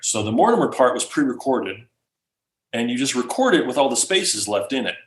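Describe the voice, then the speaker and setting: A man chatting casually as a guest speaker, animated and full of fillers. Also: mid-range voice, brisk, echoey room. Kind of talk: casual chat.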